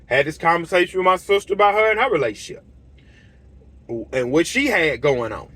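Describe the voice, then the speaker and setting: A middle-aged man who owns a lawn care business and hosts a channel rants casually to camera, bluntly and heatedly, acting out conversations as he tells his stories. His voice sits high and sing-song, fairly quick, bright and forceful, with no echo. His storytelling is repetitive and full of quoted dialogue.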